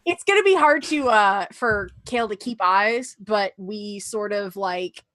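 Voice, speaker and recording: Woman player, bright voice, kinda halting, dry close sound. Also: mid-range voice, no room sound, rough recording. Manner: hesitant, halting. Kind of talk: describing character actions in a tabletop game.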